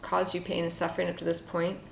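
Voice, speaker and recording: A woman giving a casual, reflective spoken tarot reading with frequent fillers and soft asides. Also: fairly low pitch, monotone, fast talker, vocal fry. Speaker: tarot card reader. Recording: echoey room with faint noise.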